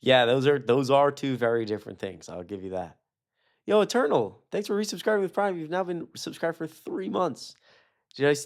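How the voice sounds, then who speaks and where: Heated, profane young man ranting. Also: medium pitch. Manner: profane, heated, fast swings from shouting to muttering. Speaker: streamer. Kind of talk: ranting live-stream commentary.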